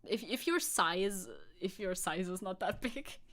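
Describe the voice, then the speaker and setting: A woman's voice: medium pitch, lively intonation, a little slow, fairly bright tone. A woman streaming casually, rambling and self-mocking with frequent laughs and restarts, speaking English with a non-native accent. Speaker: VTuber streamer. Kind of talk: casual livestream chat reacting to a video.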